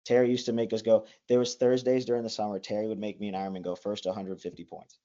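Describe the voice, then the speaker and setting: A man's voice: lowish voice, flat delivery, fast talker, mellow. A young man in his twenties, a college wrestler, chatting as a guest in a rambling way, full of likes and restarts. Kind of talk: casual interview. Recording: dull lo-fi sound.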